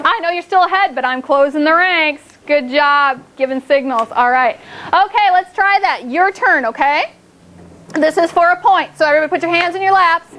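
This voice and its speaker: High-voiced woman teaching young kids. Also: fairly bright tone, slight background noise. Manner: slow, drawn-out words for children, upbeat praise. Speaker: second grade teacher. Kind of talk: classroom phonics lesson. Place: classroom.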